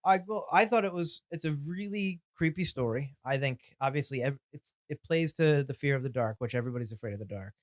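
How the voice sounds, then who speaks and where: A man's voice: medium pitch, a little fast, hardly any pauses, no room sound, clean studio sound. A man co-hosting a film podcast, chatting casually and giving loose, enthusiastic opinions about a movie. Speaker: podcast co-host.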